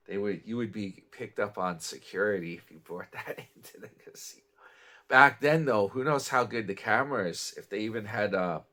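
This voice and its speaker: A man's voice: sits low, pushed and bright. A man from New York chatting casually in a meandering morning vlog, trailing off and restarting. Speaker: vlogger. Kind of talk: casual rambling morning chat.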